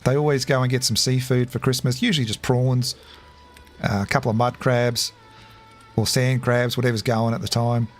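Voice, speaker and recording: An Australian man of middle age chats loosely while he plays, his voice sitting at an ordinary middle pitch. He wanders from thought to thought, stumbling over restarts and chuckling along the way. A soft music bed runs quietly under him. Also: little pitch movement, normal speed. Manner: rambling, chatty, laughs often, many fillers and restarts. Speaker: gaming streamer. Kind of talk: casual gameplay commentary.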